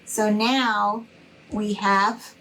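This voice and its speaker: A middle-aged woman leads a live craft tutorial at an unhurried pace. She chats warmly with her viewers, greets them by name and keeps reassuring them. A faint hiss sits under her voice. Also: mid-range voice, steady tone, rough recording. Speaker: craft instructor.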